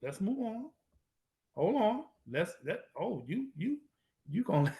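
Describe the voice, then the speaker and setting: A man giving an emphatic lecture, repeating phrases for emphasis, with a casual, slangy, drawn-out delivery. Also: high voice, sing-song, mellow. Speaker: speaker presenting to an online audience. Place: at a computer, sharing his screen.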